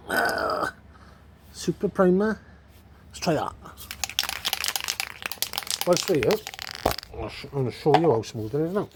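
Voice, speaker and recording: A man's voice: on the high side, background noise. A man chatting casually while restoring a motorbike in his home workshop, rambling and self-mocking.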